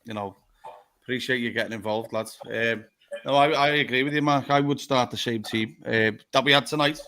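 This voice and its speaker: A man's voice: mid-range voice, fairly quick, pushed and bright. Tired male host. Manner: swears a lot, calls everyone "lad". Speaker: live show host. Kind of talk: casual late-night football chat.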